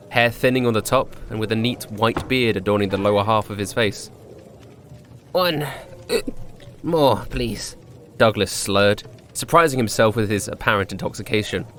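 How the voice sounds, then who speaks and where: A man's voice: lowish voice, fairly quick, a bit bright, a little hiss or hum. A man narrating his character's backstory in a wry storytelling manner.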